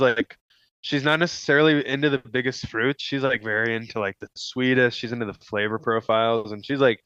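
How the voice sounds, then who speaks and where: A man's voice: medium pitch, a bit bright, clear, resonant tone, dry recording. A man co-hosting a podcast in casual chat, laid-back and enthusiastic, full of "dude" and "like". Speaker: podcast co-host. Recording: slightly dull, dry lo-fi sound.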